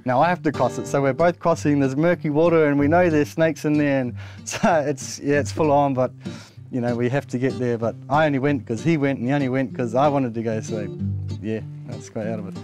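A man's voice: mid-range voice, fairly even intonation, fairly quick, music in the background. A man in an interview telling a hunting story, acting out both sides of a conversation. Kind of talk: anecdote in an interview.

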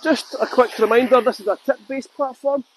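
A man's voice: extremely high pitch, steady tone, fairly quick, slightly rough. A middle-aged man with a strong Scottish accent, chatting to viewers by name as he leads a live-streamed walking tour through town streets at night, laughing often. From Scotland. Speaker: tour guide.

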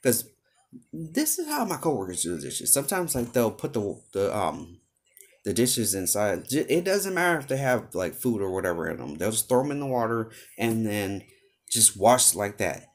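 Young male vlogger, casual rant, exasperated and rambling, pitch swinging up and down a lot. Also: big pitch swings, normal speed. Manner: exasperated, rambling, heavy use of filler words.

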